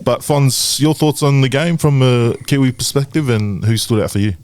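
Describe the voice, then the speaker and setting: A man's voice: mid-range voice, normal speed, a little mellow, clean tone. Man prompting his co-hosts. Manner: brief prompting interjections. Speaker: rugby podcast host. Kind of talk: casual chat.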